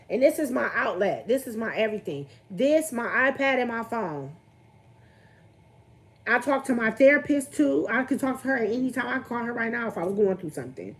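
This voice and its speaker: Young woman, casual venting livestream, candid, slightly high voice. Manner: candid, talks straight to the camera and greets viewers. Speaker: vlogger on a livestream.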